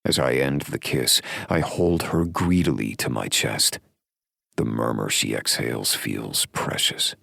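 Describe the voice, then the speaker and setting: A man narrating a romance audiobook in the first person, in a measured, wry way. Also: very deep voice, steady tone, gravelly, fairly bright tone, no room sound, studio quality.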